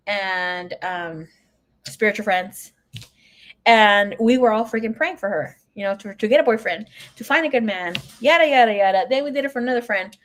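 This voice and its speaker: A woman's voice: medium pitch, a bit bright. A woman giving a casual live tarot reading, chatting and telling stories to viewers she calls by name. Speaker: tarot reader.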